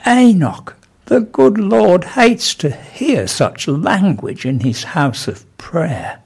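A man voicing an angel statue in a told joke, speaking slowly and reprovingly. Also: high voice, sing-song, creaky, darkish tone, husky, pitched above the performer's own voice, full character voice. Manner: slow, reproving. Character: solemn booming angel statue, male-voiced.

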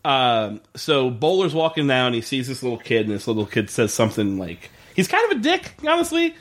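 A man's voice: mid-range voice, sing-song, brisk. A man co-hosting a casual podcast, recapping a TV episode, swearing freely, laughing often and acting out lines from scenes. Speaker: podcast co-host.

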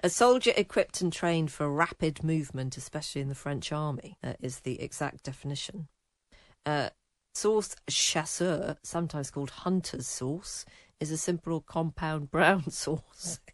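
Woman radio co-host, deep for a woman, giggly banter, dry close mic. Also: unhurried, no echo. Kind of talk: casual chat.

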